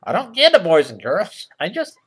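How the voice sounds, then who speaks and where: This comic nursery-rhyme reader is a man whose high, husky, slightly bright voice swings wildly in pitch. Playing a mock children's-show host, he sarcastically over-reads old rhymes in a slow drawl, feigning innocence as he asks the boys and girls.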